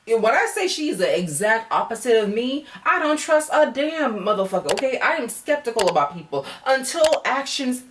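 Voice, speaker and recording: A woman's voice: fairly high pitch, big pitch swings, moderate pace, hardly any pauses, recorded from a distance, a little hiss or hum. A young woman recapping a reality dating show in a casual vlog, blunt and sassy, swearing freely and ending her points with "okay?" and "girl".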